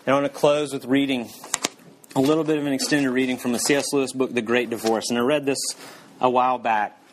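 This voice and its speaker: A man's voice: medium pitch, fairly even intonation, slight background noise, poor audio. Earnest male pastor preaching. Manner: earnest, slowing and softening for emphasis. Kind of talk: sermon.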